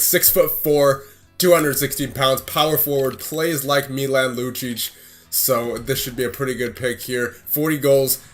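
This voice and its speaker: Excitable young man calling game action. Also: medium pitch. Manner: excitable, play-by-play calling with laughs. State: out of breath at times. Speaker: gaming video creator. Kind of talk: casual gameplay commentary.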